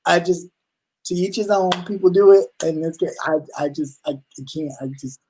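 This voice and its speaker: Man telling animated stories. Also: on the high side, normal speed, a little hiss or hum, rough recording. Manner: animated storyteller acting out family voices; swears freely. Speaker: co-host. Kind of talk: casual chat.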